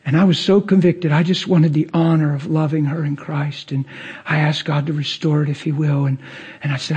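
Male preacher, husky and fairly high, lively testimony storyteller who laughs often. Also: normal speed, highs cut off. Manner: animated storytelling, wide swings from hushed to loud; laughs through his words. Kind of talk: testimony sermon.

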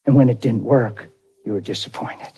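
A middle-aged man preaching a sermon, telling a personal story with animated, emotional delivery. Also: moderate pace, husky. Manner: animated and emotional, voice jumping high when quoting his crying wife.

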